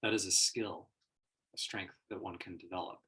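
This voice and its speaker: A man's voice: deep voice, fairly even intonation, normal speed, bright, forceful tone, breathy edge. A man giving a reflective livestream monologue as a personal growth teacher, searching for words and laughing often.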